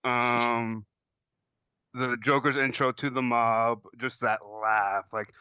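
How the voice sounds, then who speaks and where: A man with a bright, crisp voice talks loosely about a film, dropping frequent "um"s and laughing easily. His sound is dry and a bit dull in its top end. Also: medium pitch, steady tone, takes it slowly, no echo. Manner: laughs often, filler-heavy. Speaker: podcast co-host. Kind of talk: casual movie discussion.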